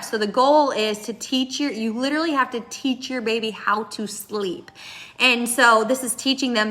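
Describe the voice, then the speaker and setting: A woman's voice: on the high side, normal speed, sharp tone. A young woman chatting casually in a vlog, rambling with many restarts and fillers as she talks about her baby's bedtime. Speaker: mom vlogger.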